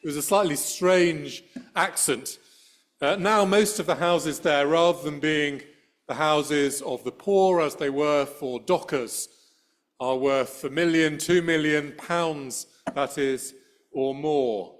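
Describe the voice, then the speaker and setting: A man's voice: on the high side, slow pace. A middle-aged man giving a sermon as a priest, telling a story in a conversational way with dry humor, speaking into a church microphone.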